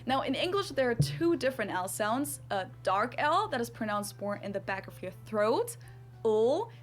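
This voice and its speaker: A woman's voice: a little high, big pitch swings, music in the background. A woman, a language teacher explaining pronunciation step by step in a scripted video. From Germany. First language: German. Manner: clear, explains step by step, slows down for example sounds.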